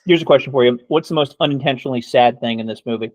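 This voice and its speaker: A man co-hosts a casual film chat, loose and jokey with plenty of casual swearing. His voice sits at a middle pitch. It is recorded close and dry, with no room sound. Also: very fast, darkish tone, no echo. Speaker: podcast co-host.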